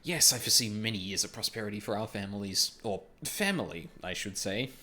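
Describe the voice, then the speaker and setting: A man voicing a pompous, wealthy older merchant who blusters and shouts for his guards in a game reading. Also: on the low side, animated, a little fast. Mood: fawning.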